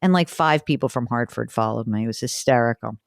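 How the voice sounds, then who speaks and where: A middle-aged woman hosting a show, chatting and telling stories in a casual, animated way. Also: rumbling low, brisk, vocal fry, dry recording, studio quality. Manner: chatty, animated storytelling with laughs. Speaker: host. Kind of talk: casual chat.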